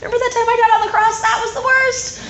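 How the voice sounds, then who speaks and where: Lady doing jesus as a laid back joking guy, squeaky high and bouncy, echoey hall. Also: level tone, quick pace, crowd noise. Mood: teasing reassurance. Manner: breezy, joking reassurance. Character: gently teasing male Jesus, casual and reassuring.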